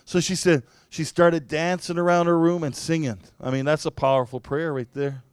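A man preaching a sermon, telling his story in an animated way, laughing often and now and then bursting into loud exclamations. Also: fairly high pitch, normal speed, clean tone, no echo. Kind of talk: sermon testimony.

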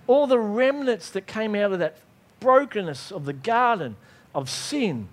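A man preaching a sermon, acting out his own prayers and God's replies in lively dialogue. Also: sits high, measured pace. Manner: animated, acts out dialogues with God.

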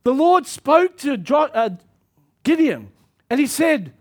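A man preaching a sermon to his church, reading scripture and pushing into shouted calls to action. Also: very high voice, big pitch swings, slow. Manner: impassioned preaching that swells into shouted exhortations.

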